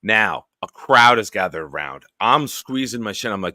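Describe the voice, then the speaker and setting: A man hosting a late-night live stream hangout, telling stories in a profane, animated way. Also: fairly low pitch, normal speed, dry recording, studio quality. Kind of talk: casual late-night storytelling.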